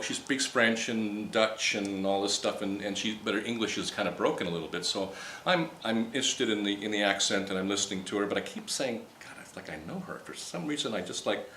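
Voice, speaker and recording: A man telling a personal story to a group in casual, animated style, rambling with restarts and acting out the dialogue he quotes. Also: fairly low pitch, slight background noise. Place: meeting room with a live audience. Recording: roomy hall with faint ambience.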